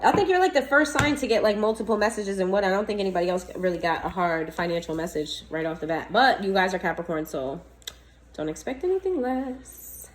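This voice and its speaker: A woman's voice: on the low side, quick pace, few pauses, a little hiss or hum, rough recording. A woman reading tarot to camera in a casual, blunt and chatty way. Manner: blunt, scolding, chatty, laughs often. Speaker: tarot reader.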